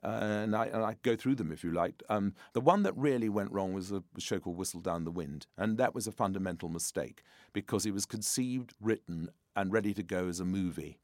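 Older man with a deep, dry voice. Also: brisk, hardly any pauses, a little mellow, dry recording. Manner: frank, reflective, anecdotal. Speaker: composer, interview guest. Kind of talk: conversational interview.

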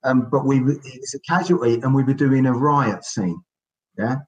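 A man's voice: medium pitch, normal speed, low-quality recording. A middle-aged man, a guest on a casual podcast who tells stories chattily and acts out quotes. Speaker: guest author.

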